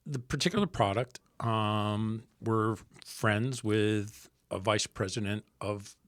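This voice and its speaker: A man co-hosting a casual podcast, telling a personal story in halting bursts with many restarts. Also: lowish voice, a bit bright, no room sound. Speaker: podcast co-host.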